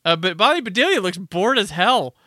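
Man, podcast host, bright tense voice, dry close mic, rambling casual film talk. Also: high-pitched, fairly quick, no echo. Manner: animated, rambling, frequent "like".

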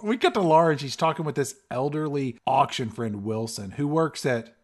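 A man's voice: mid-range voice, animated, normal speed. A man co-hosting a podcast, wryly complaining about a film's pointless scenes in casual chat. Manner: exasperated, wry commentary. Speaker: podcast co-host. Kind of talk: casual comedic movie review.

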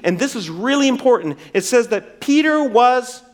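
A man preaching a sermon in church, swinging from loud emphasis to hushed, drawn-out words and acting out quoted dialogue in a raised voice. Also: extremely high pitch, expressive. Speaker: pastor.

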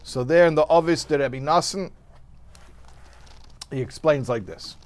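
A man's voice: fairly high pitch, unhurried. A man giving a weekly Torah lesson who reads Hebrew verses and then translates them. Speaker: Torah teacher.

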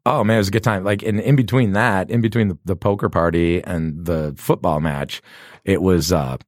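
A man's voice: low-pitched, moderate pace, dry recording, clean studio sound. A man hosting a podcast, rambling through stories, laughing often and poking fun at himself. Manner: rambling storyteller, laughs often, self-deprecating. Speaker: podcast host. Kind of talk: casual chat.

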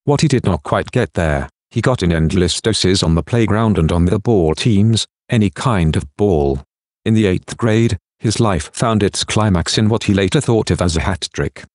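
A man hosting a podcast, reading scripted narration and reflective questions in a measured way. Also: deep voice, darkish tone, no echo, studio quality.

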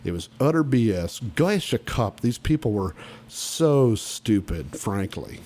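Blunt low-voiced man telling stories. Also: big pitch swings, unhurried, mellow. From Oklahoma. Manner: blunt, emphatic, frequent restarts. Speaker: guest musician. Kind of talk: casual podcast interview storytelling.

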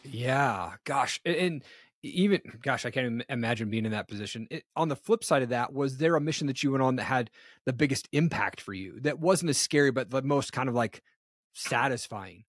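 A man's voice: medium pitch, lively intonation, normal speed, dry recording, clean studio sound. A man hosting a podcast interview, reacting and asking a loose, rambling follow-up question. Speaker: podcast host. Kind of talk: casual interview chat.

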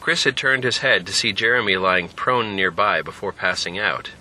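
A man narrating a scripted story in an expressive, lively way. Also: lowish voice, moderate pace. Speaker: narrator and podcast host.

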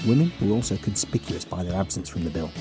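Lively wry male podcast host. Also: sits low, fast talker. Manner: wry, opinionated storytelling. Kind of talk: scripted narration and casual chat. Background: music.

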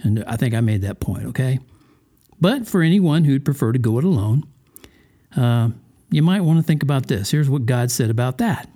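A man's voice: medium pitch, expressive, moderate pace, warm tone. A man hosting a religious podcast, talking to the listener in a folksy, conversational way and often asking questions. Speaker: podcast host. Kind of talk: casual religious podcast monologue.

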